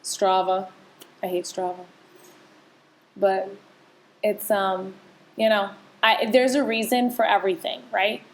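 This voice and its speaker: A woman's voice: medium pitch, steady tone, takes it slowly, pauses often. A woman co-hosts a podcast in loose, candid chat. She talks openly and with feeling, circling back and restarting her sentences as she goes. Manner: candid, emotional, chatty with many restarts. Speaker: podcast co-host. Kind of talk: casual chat.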